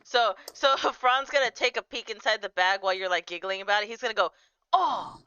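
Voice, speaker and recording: A woman playing in a tabletop game, excitable and laughing, swearing casually. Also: mid-range voice, quick pace, clear, resonant tone, dry recording, muffled recording. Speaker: player.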